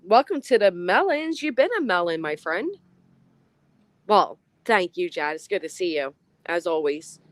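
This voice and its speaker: A woman's voice: fairly low pitch, expressive, measured pace, no echo. A woman hosting a casual livestream, chatting and greeting viewers by name. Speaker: livestream host. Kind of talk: casual live-chat commentary.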